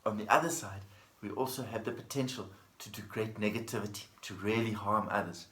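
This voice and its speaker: Buddhist teacher guy, gentle teaching talk, storytelling, kinda echoey room. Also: fairly low pitch, brisk. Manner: gentle, storytelling with plain repetition. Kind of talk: dharma talk.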